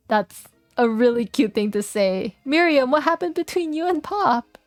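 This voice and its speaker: A woman's voice: high-pitched, lively intonation, moderate pace, dry recording, soft background music. A young woman streaming a game, chatting playfully and reading its text aloud, giggling often.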